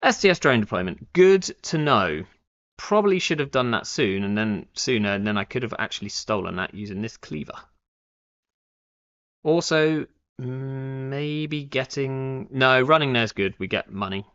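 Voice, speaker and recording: Thinking out loud while streaming a card game, this young man rambles casually, using plenty of fillers and correcting himself. He sounds animated, with a mid-range, fairly bright voice at a measured pace, over dull, lo-fi stream audio.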